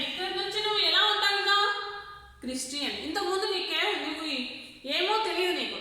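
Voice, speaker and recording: Woman teacher, bright sharp tone, fast delivery, repeats and translates. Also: very high voice. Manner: repeats phrases and translates them line by line. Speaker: English teacher. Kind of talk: classroom lesson explaining a story. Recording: echoey room with long reverb.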